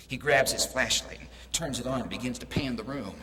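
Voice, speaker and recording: Bright-voiced man preaching at a graduation. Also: medium pitch, a little fast, few pauses, a little hiss or hum. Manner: emphatic, preacher-like cadence. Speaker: commencement speaker. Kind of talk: preachy ceremony speech with a joke. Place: large hall at a graduation ceremony. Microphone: podium mic over a PA. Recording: echoey hall over a PA.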